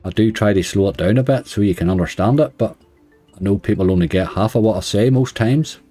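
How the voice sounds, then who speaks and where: A man's voice: lowish voice, brisk, mellow, soft background music. A middle-aged man with a Northern Irish accent, streaming online slots and chatting casually while grumbling at the game. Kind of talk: casual live-stream commentary.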